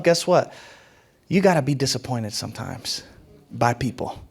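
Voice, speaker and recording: A pastor preaching a sermon, emphatic, repeating phrases and rising sharply on key points. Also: male voice, a little high.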